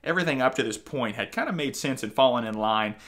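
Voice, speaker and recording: A man's voice: mid-range voice, expressive, fast talker, fairly bright tone. A man giving a casual spoken review of an audiobook, talking in a loose, conversational way with frequent fillers and restarts. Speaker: book reviewer.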